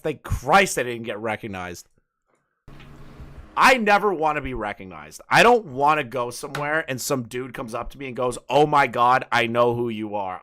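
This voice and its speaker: A man's voice: medium pitch, a bit bright. A young man hosting a casual call, talking bluntly and rambling with plenty of profanity. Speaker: streamer host.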